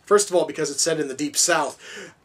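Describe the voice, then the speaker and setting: A man's voice: fairly high pitch, a little fast. A man giving a casual, profane, exasperated film review, rambling as he goes.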